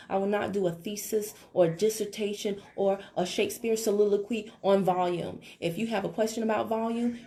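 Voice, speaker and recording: Sassy Southern woman with gravelly edge. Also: medium pitch, warm tone. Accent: Southern American. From American South. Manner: sassy, joking, talks straight to viewers. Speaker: network marketing team leader. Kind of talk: casual live-stream talk. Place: home, live video.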